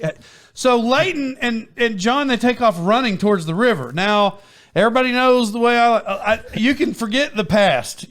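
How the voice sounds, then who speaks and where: A man's voice: high voice, clean tone. Chatty man telling a rambling story. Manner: rambling, animated, with frequent laughs and restarts. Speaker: podcast host. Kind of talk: casual storytelling chat. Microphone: microphone with foam windscreen.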